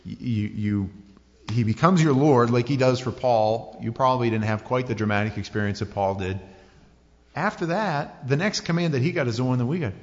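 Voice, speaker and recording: A man's voice: medium pitch, moderate pace. Guy preaching in a big echoey hall, laid-back jokey storytelling, muffled lo-fi sound. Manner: casual, jokey storytelling with slang. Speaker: pastor. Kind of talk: sermon. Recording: dull sound in a reverberant hall.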